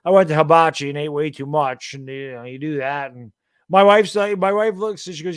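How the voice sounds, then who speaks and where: A brisk, clean-toned man with a voice on the high side co-hosts a sports talk stream, in his thirties and clearly tired, yawning as he goes. The clean studio sound carries no room noise while he rambles through relaxed storytelling in casual chat.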